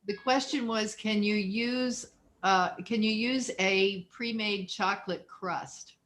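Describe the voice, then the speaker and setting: A woman's voice: mid-range voice, steady tone, takes it slowly, a bit bright. A woman moderating a live online class, politely cutting in to pass along questions from the chat.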